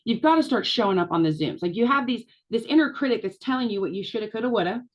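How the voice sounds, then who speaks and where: A woman's voice: on the high side, animated, fast talker, highs cut off. A woman giving a casual coaching talk, chatty, with lots of fillers and restarts.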